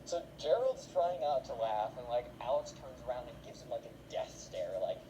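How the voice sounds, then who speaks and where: A man's voice: medium pitch, moderate pace, few pauses. Rambling young man telling a story. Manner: rambling, filler-heavy, animated. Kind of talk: casual storytelling vlog. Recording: noisy background.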